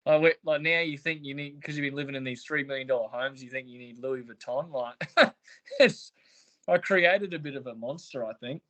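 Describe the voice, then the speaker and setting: A man's voice: medium pitch, normal speed, a bit bright. A man, a podcast guest, telling his story in a blunt, aggrieved way with heavy swearing. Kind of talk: candid interview storytelling.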